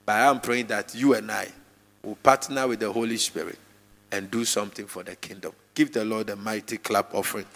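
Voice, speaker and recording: A man preaching a live sermon to a congregation, emphatic and repetitive, his voice jumping suddenly in pitch and loudness. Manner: repeats phrases for emphasis. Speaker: pastor. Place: church hall with congregation. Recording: long reverb of a large church hall.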